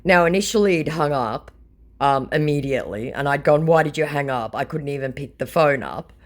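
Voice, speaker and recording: Very deep-voiced sarcastic Australian woman. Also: expressive, brisk. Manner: sarcastic, blunt, swears freely. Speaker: scam-baiting channel host. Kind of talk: casual chat reading out messages.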